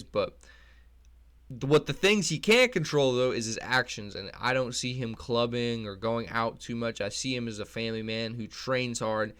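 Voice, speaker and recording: A man's voice: medium pitch, fairly bright tone, clean tone. A young man hosting a channel and rambling through casual commentary, with lots of swearing and restarts. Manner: rambling, profane, many restarts. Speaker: channel host.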